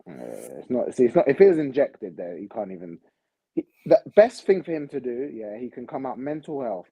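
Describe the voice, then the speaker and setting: A man co-hosts a casual boxing chat with short, hesitant replies. His voice is husky and very dark, and his pitch swings widely. The sound is dry and close. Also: very animated, brisk, no room sound, rough recording.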